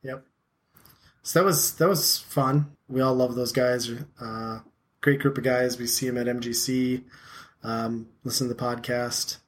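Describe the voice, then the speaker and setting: A man in his thirties chatting as a podcast host, with a voice of middling pitch. He rambles loosely, packs his sentences with filler words and often pokes fun at himself. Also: fairly even intonation, a little slow. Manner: rambling, lots of "like" fillers, self-deprecating. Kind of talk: casual podcast chat.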